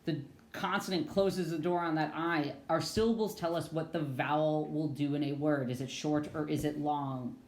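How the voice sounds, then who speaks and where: Low-voiced teacher in an echoey room. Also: female voice, fairly even intonation, a little mellow. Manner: patient, encouraging, slows down for key terms. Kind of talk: virtual classroom phonics lesson.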